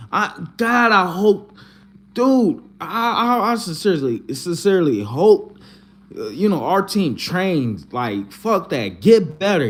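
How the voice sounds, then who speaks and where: A man talking in a casual, profane, repetitive rant, upset and fired up after his team lost. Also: high-pitched. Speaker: Eagles fan. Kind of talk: casual venting monologue.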